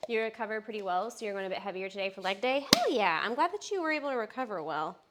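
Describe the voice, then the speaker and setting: A woman's voice: medium pitch, lively intonation, quick pace, heavy background noise. A young adult woman, a personal trainer, chatting casually and upbeat on a live stream, with frequent fillers.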